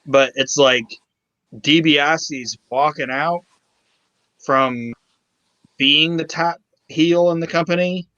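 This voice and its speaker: A man co-hosting a casual podcast chat, excited and swearing freely as he talks. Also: fairly high pitch, dry recording, highs cut off. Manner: excited, swears freely, quotes others in quick put-on voices. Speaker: podcast co-host.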